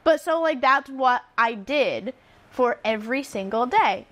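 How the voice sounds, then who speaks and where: A young woman teacher telling stories in casual chat, with quick asides and laughs. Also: on the high side, animated, a bit bright.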